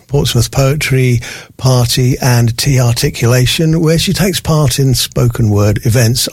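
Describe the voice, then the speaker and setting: A man's voice: mid-range voice, darkish tone, slightly rough, no echo, studio quality. A man presenting a radio interview, introducing his guest and asking friendly, casual questions.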